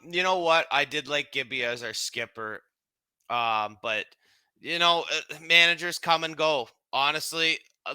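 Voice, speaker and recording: Male podcast co-host, very bright, smooth voice, rambling, relaxed delivery. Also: fairly high pitch, dry recording. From Canada. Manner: rambling, relaxed, lots of fillers and restarts. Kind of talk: casual sports podcast chat.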